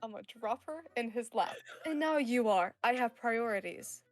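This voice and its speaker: A woman player in a tabletop game, teasing and quick with banter. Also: on the high side, expressive, soft background music. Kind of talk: casual tabletop play.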